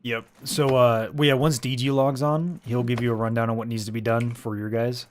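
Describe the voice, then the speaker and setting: A man's voice: medium pitch, steady tone, brisk, a little hiss or hum. Chatty man explaining game tasks. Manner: chatty, explains things, laughs often. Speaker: stream host and game player. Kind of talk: casual gaming chat.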